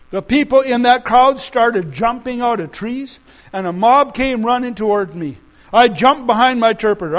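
Man, preacher, sermon, very high voice, dramatic, shouts and low asides. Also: low-quality recording.

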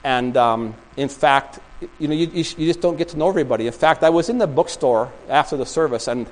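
A man's voice: a little high, a little fast, low-quality recording. A man preaching a sermon in a small church, telling stories and rambling with many restarts. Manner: rambling storytelling with frequent restarts. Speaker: pastor.

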